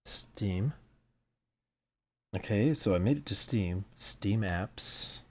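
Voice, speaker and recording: A man's voice: on the low side, lively intonation, slow. A man streaming a horror game, nervously muttering to himself as he clicks through files. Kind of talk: let's play commentary. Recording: dull lo-fi stream audio.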